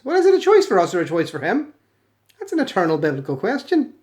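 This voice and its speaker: A man's voice: high-pitched, wildly swooping pitch, fast talker, darkish tone. A British man runs sarcastic commentary over comments he reads aloud. He mocks each quote with put-on voices and cuts in with swearing and dry jabs. The tone stays scornful and conversational throughout. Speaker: video commentator.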